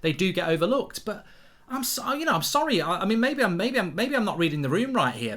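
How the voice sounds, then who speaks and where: An indignant man from England rants about football as a pundit, his pitch swinging widely as he stumbles and restarts. He repeats his outrage over and over. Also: very animated, quick pace, fairly bright tone. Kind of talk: ranting reaction monologue.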